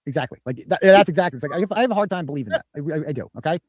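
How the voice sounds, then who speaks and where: A man's voice: on the high side, lively intonation, very fast, a little mellow, no room sound. A man hosting a commentary show, talking in an indignant way. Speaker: host. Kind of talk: commentary reading messages.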